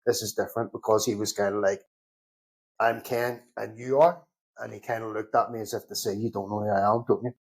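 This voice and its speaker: Belfast man telling animated war stories. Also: on the low side, very fast, hardly any pauses. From Northern Ireland. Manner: animated anecdotes, acts out both sides of conversations, swears casually. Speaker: podcast guest, security consultant. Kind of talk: casual storytelling chat.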